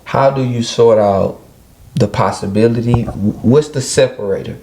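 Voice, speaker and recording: A man's voice: medium pitch, measured pace, mellow, slight background noise. A man talking casually as a guest on a podcast, laid-back and swearing freely. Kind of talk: casual chat.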